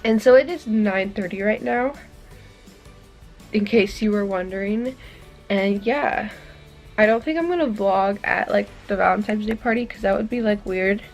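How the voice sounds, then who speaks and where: A woman's voice: mid-range voice, normal speed, faint music behind. Young woman, vlogger, out of breath, chatty and rambling, handheld camera. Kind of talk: casual vlog talk.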